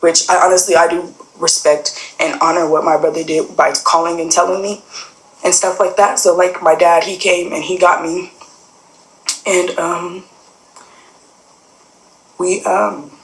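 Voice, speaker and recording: A woman's voice: on the low side, level tone, measured pace, pauses often. A young adult woman telling a personal story in a casual, rambling way, full of fillers and quoted back-and-forth dialogue. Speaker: guest sharing a personal story. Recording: roomy echo.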